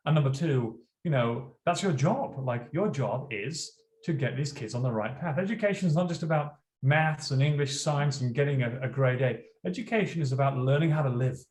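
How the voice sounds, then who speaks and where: A man in his forties, a teacher and school principal, tells classroom stories during an interview in an echoey room. His medium-pitched, darkish voice runs at normal speed with hardly any pauses, and he's earnest and conversational, acting out classroom dialogue.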